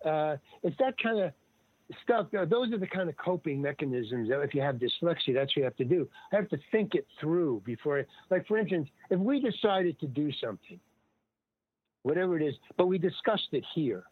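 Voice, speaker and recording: An older man with a fairly high voice spins loose, digressive stories and drifts from one thought to the next. He slips into the voices of people he quotes. The sound is thin, dry and phone-like, with no room around it. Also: big pitch swings, brisk, slightly rough, no echo. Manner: rambling, digressive, acts out quoted dialogue. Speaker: guest actor and comedian. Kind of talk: casual conversational storytelling. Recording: tinny dry phone-like line.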